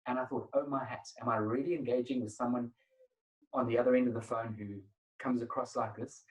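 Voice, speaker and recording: Man, etiquette trainer, emphatic webinar talk, average pitch, a bit off-mic, video call sound. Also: a little fast, far from the mic, rough recording. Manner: emphatic, energetic, acts out phone calls. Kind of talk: webinar presentation.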